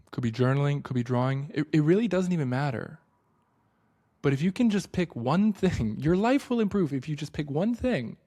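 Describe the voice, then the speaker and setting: Thirties male host, mid-pitched, earnest and reflective, casual and unscripted. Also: a little mellow. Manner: earnest and reflective, slowing for emphasis; casual fillers and restarts. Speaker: book study host. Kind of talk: reflective spoken talk.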